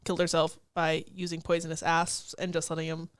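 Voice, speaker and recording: A woman's voice: low-pitched, monotone, brisk, dry recording. A young woman co-hosting a podcast, chatting casually, swearing freely and laughing often. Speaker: podcast co-host. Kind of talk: casual chat.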